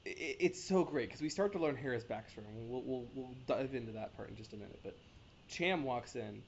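A man's voice: mid-range voice, expressive, gravelly. Eager man, stumbling restarts. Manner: enthusiastic, halting with many restarts. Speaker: podcast co-host. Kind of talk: casual chat. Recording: dull lo-fi sound with faint noise.

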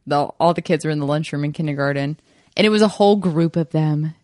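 A young adult woman co-hosting a podcast, telling stories in a casual, animated way and acting out quotes. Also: sits low, quick pace, no room sound, clean studio sound. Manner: animated storyteller who acts out quotes. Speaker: podcast co-host. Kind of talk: casual storytelling chat.

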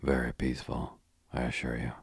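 A man reading the lines of a wry, adventurous young gentleman guiding a tour, breezy and understated. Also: extremely low pitch, completely flat delivery, fairly quick, gravelly, slightly rough, no room sound, heavily acted.

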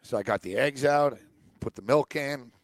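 A man's voice: mid-range voice, normal speed, no echo. A man co-hosting a sports radio show, telling a long, rambling story full of ums and uhs. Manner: rambling storyteller, many fillers and restarts. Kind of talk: casual sports radio banter.

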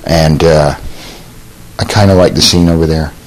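A man's voice: extremely low pitch, steady tone, normal speed, slight background noise, low-quality recording. A man, a comedian guest, chatting in a dry, laid-back, matter-of-fact way. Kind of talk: casual interview chat.

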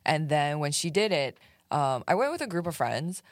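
A woman's voice: low voice, very animated, normal speed, no room sound, studio quality. A woman guest on a podcast, a comedian in easygoing casual chat who laughs often.

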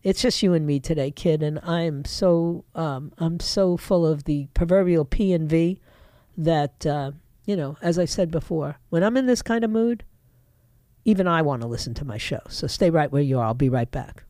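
A woman's voice: low voice, moderate pace, warm tone, no echo, clean studio sound. Emphatic woman radio talk host. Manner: emphatic, opinionated, talks straight to listeners. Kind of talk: political talk radio monologue.

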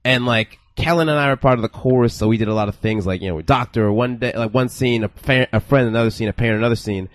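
A man on a podcast who tells stories at a quick clip, rambling and swearing freely with "like" in nearly every line. The sound is dry and close. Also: medium pitch, dry recording. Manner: rambling, profane, heavy use of "like". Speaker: podcast co-host. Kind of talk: casual chat, storytelling.

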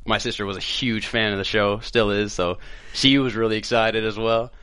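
A man from the American South speaks in a lowish voice as a guest actor on a casual show. He tells stories in an easygoing way and laughs along. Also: fairly even intonation, normal speed, pushed and bright, clear, resonant tone. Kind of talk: casual interview chat.

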